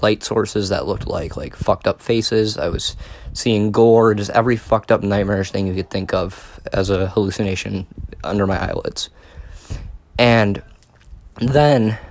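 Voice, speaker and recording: A man's voice: lowish voice, creaky, no room sound. A young man telling a casual storytime, rambling and swearing with many fillers and restarts. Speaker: vlogger.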